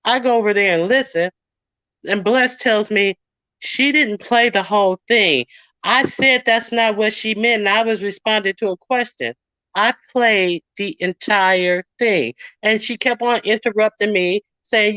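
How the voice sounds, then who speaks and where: An indignant woman streamer ranting in casual commentary, slipping into quoted voices as she retells arguments. Her voice sits at an ordinary middle pitch. The sound is dull and lo-fi, dry and close. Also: measured pace, bright, forceful tone, no room sound.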